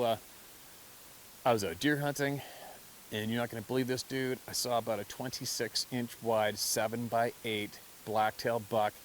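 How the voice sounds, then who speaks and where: A man, a hunter, talking in a casual monologue, animated and laughing often as he acts out other people's reactions. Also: lowish voice, a little hiss or hum. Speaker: hunter telling encounter stories.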